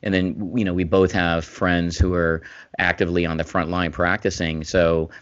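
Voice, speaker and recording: A former physician co-hosting a casual podcast speaks in a low, level, slightly bright voice at a moderate pace. His long rambling runs restart often and turn emphatic. The remote mic sounds dull and dry.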